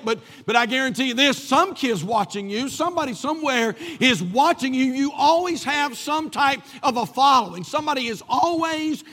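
A man's voice: very high-pitched, expressive, normal speed, hardly any pauses, bright, forceful tone. A man preaching a sermon as pastor, repeating phrases for emphasis, recorded in a church. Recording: long hall reverb.

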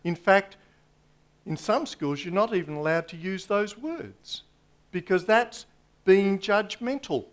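A man delivers a sermon in a fairly high voice. He takes his time, weighing each phrase with long pauses, and often sinks to a hush at the end of a point. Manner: slow, emphatic preaching with dramatic pauses and drops to a hush. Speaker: preacher.

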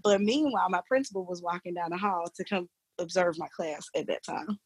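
A woman who works as a teacher, telling a story in a casual interview, animated and informal, laughing often. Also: fairly low pitch, fairly quick, breathy edge, no echo.

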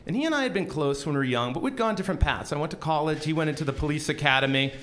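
Animated male storyteller, bright voice. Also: fairly high pitch, very fast. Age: young adult. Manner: animated, self-deprecating, comic timing. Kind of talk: live personal storytelling.

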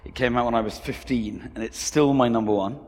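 A man in his fifties preaching a sermon with enthusiasm, often pausing on fillers and repeating key phrases. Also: medium pitch, steady tone, a little mellow. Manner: enthusiastic, with frequent fillers and repetitions. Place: church hall. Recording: reverberant hall.

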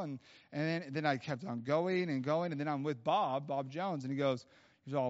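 A man preaching at a church, telling stories in a casual, animated way with many fillers. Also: fairly high pitch, moderate pace. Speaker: guest preacher. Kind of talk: storytelling sermon. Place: church hall. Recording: dull lo-fi sound.

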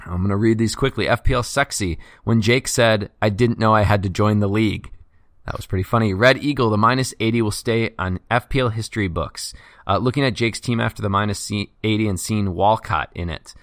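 A man with a fairly low voice hosts a casual sports podcast. He reads listener write-ins at a quick clip and teases his co-host in a loose, joking way. The recording is close and dry, with no room sound. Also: fairly bright tone, dry recording.

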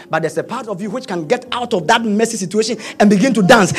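A man, preaching a sermon, swinging from quiet asides to shouting. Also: high-pitched, animated, fast, few pauses, over music. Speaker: pastor.

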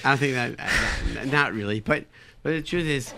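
A man's voice: mid-range voice, moderate pace, gravelly, pushed and bright, slight background noise. A man telling casual anecdotes animatedly, often repeating words as he finds his phrasing. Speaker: storyteller, show guest.

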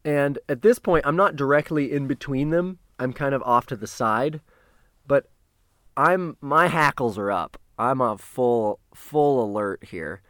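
A man telling a personal story in a casual, profane way, halting and restarting, with sudden louder bursts. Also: mid-range voice, no room sound, clean studio sound.

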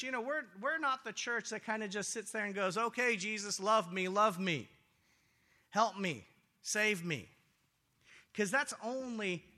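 Male pastor, high and very bright voice, lively sermon delivery that swings loud and soft. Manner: animated, swings from loud excitement to quiet earnestness. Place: church sanctuary.

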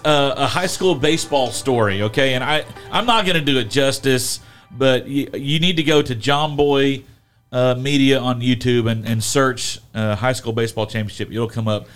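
A man hosting a podcast in casual chat, telling stories with lively energy and acting out what people said. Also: medium pitch. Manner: animated storyteller, acts out quotes. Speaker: podcast host.

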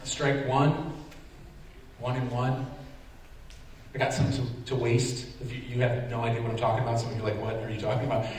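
A man preaching in a big sanctuary, caught from a distance so his voice carries a long, echoey hall reverb. He tells a lively story with self-deprecating humor and plays out his own reactions. A faint hum of room noise sits underneath. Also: medium pitch, a little fast, pauses often. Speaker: pastor. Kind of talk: sermon storytelling. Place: large church sanctuary.

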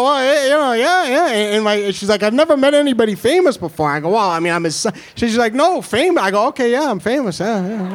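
A young man with a New York accent telling a funny personal story, animated and self-deprecating, with halting restarts. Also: high-pitched. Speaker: storyteller and comedian. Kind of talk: comedic personal story told to an audience.

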